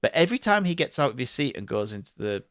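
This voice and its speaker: A man co-hosting a podcast, chatting casually about a film, animated and swearing freely, often mimicking characters. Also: medium pitch, fast talker, dry recording. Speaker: podcast co-host. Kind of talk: casual film review chat.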